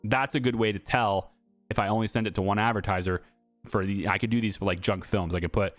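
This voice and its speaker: A man hosting a gameplay video, chatting casually and thinking out loud with lots of fillers. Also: on the low side, fairly even intonation, quick pace, no room sound, soft background music.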